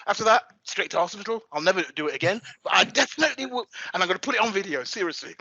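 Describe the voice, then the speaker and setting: A man in his fifties from England, an event MC talking in a casual interview, hyped and animated. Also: high voice, racing, breathy edge, no echo, highs cut off. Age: 50s. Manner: hyped and animated, swinging into playful voices.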